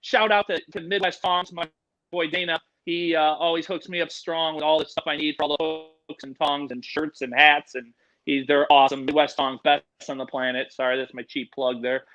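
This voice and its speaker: A man telling animal-handling stories in a casual, animated, profane way. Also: on the high side, normal speed, no room sound, muffled recording. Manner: animated, profane, acts out quotes.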